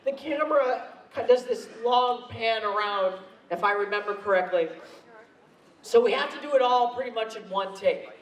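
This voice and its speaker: A man's voice: extremely high pitch, moderate pace, distant mic. A man speaking on stage at a convention, telling laughing, self-mocking anecdotes into a handheld mic, recorded in an echoey hall from afar. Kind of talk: storytelling convention talk.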